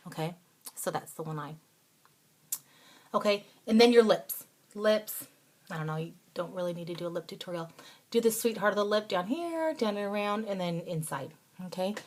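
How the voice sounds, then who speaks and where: A woman hosting a casual makeup tutorial, talking through each step in an instructive, chatty way and now and then dropping into soft asides. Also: lowish voice. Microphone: phone or camera close by.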